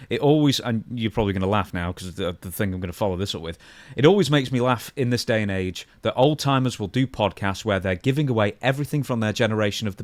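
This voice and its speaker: A man co-hosting a podcast, talking through points in a measured, thoughtful way. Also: fairly low pitch, no room sound. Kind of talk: casual podcast chat.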